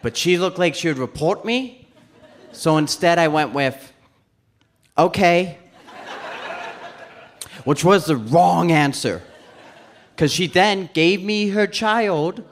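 A man's voice: a little high, expressive, measured pace, a little hiss or hum. A man doing stand-up comedy on stage, telling a story and acting out the other people's voices. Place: comedy club stage before a live audience.

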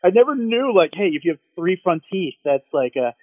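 A high-voiced man rattles through an excited anecdote at speed, gushing over every detail. The recording is dry and a little dull, like a lo-fi podcast mic. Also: brisk, no echo. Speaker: podcast co-host. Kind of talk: casual chat, storytelling.

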